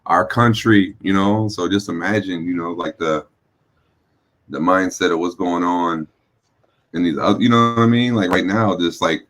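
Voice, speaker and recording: Man, very low voice, co-host, laid-back, slangy. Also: fairly even intonation, moderate pace, fairly bright tone. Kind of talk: casual livestream chat.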